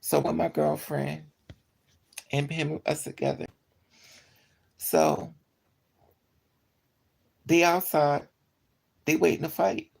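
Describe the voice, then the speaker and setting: Gravelly, husky woman telling a story. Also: slow, pauses often. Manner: animated, swings into high yelps for quoted lines; profane, slangy and blunt. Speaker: streamer telling a personal story. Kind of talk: casual storytelling.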